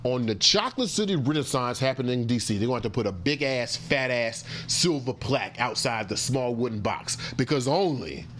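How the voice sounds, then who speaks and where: Black guy hosting a morning talk show, loose and jokey, voice all over the place pitch-wise. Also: a little fast, hardly any pauses, slight background noise. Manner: animated, riffing and joking. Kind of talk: casual talk-show chat.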